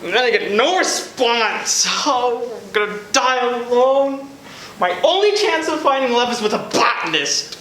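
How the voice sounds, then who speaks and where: A young woman plays an awkward support group member who rambles through her woes. Her voice is bright and a little sharp. The room sounds echoey. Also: mid-range voice, lively intonation, normal speed, slight background noise. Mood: self-pitying. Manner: self-pitying, rambling complaints. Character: awkward young person named after a cactus. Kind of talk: student sketch comedy acting.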